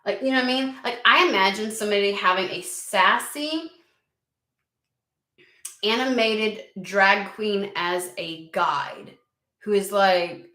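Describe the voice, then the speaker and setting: A woman reads tarot in a loose, rambling chat, swearing often and filling gaps with "like." Her voice sits at an ordinary middle pitch. The room around her is roomy and echoes. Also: a little slow, pauses often, sharp tone. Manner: chatty, rambling, swears freely, lots of "like". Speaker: tarot reader. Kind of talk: casual tarot reading to camera.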